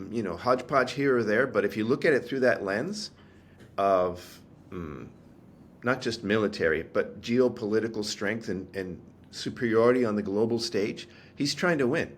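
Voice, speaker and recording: A man's voice: fairly low pitch, a little hiss or hum. A man answering interview questions as a market analyst, candid and emphatic, thinking aloud in long explanatory runs. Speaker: commodities analyst guest.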